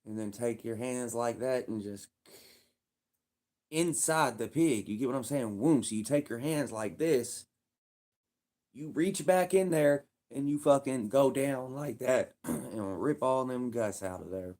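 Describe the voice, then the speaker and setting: A man's voice: mid-range voice, measured pace, darkish tone. A man telling stories on a livestream in blunt, profane, laid-back street talk. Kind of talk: casual storytelling on a livestream.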